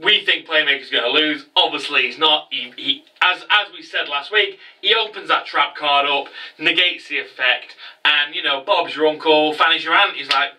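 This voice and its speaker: A man hosting a casual anime recap vlog, excitable and sweary with quick asides. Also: a little high, recorded from a distance, a little hiss or hum, rough recording. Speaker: anime review host.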